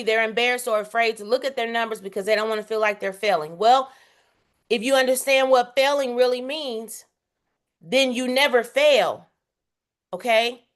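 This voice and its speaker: This bookkeeping instructor has a fairly high, fairly bright voice. She runs her workshop in a direct, emphatic, casual style full of slang, frequently pausing to ask "okay?".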